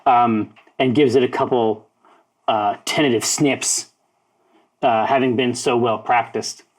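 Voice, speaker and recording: A man narrating a tabletop game as game master, in halting speech full of fillers. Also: medium pitch, fairly even intonation, low-quality recording. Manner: halting narration with many fillers, breaks into laughter.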